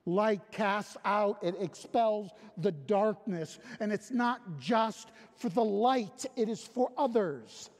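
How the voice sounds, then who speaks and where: A man preaching a sermon as pastor, asking questions and swinging between emphatic rises and quiet drops. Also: high-pitched, slow, few pauses, long reverb tail.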